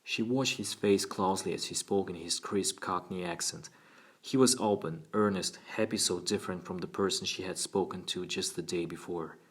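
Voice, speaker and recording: A man with a low voice narrates an audiobook, reading from a script in a steady, measured way.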